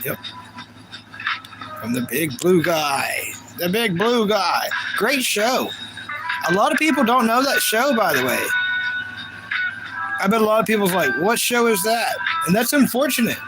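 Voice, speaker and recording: A man's voice: high-pitched, sing-song, measured pace, pauses often, rough recording. A man from the United States live streaming in casual chat, repeating himself and greeting viewers one by one. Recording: loud music playing behind. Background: loud background music.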